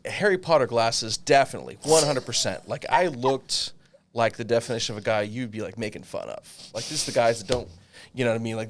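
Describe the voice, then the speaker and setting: A man in his thirties telling a long personal story in casual chat, animated and swearing freely. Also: medium pitch. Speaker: podcast co-host.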